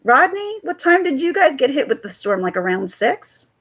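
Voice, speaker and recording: A woman's voice: high-pitched, big pitch swings, normal speed, a bit bright, low-quality recording. A woman, rambling chattily to her chat while hosting a casual livestream. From central New Jersey. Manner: rambling and chatty, jumps between stories. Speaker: livestream host.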